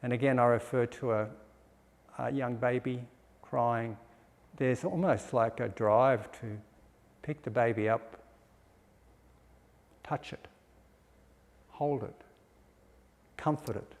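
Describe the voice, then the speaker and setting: A man giving a dharma talk as a meditation teacher, explaining in a gentle way and laughing softly now and then. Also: mid-range voice, steady tone, slow pace, pauses often. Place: meditation centre hall. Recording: long hall reverb.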